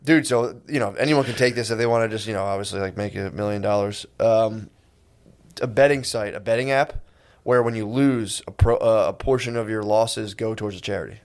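A man's voice: fairly low pitch, fairly quick. Laid-back young man rambling in chat. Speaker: podcast co-host. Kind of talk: casual chat.

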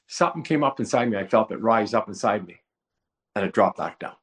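A man telling an emotional personal testimony in a plain-spoken way, acting out his own prayers aloud and swinging between low murmurs and high excited outbursts. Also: brisk. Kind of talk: emotional storytelling.

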